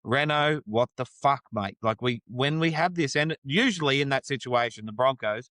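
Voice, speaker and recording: Aussie bloke ranting about footy on a podcast, sweary, dry studio sound. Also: male voice, mid-range voice, normal speed, fairly bright tone, dry recording. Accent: Australian. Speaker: podcast co-host. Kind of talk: casual sports chat.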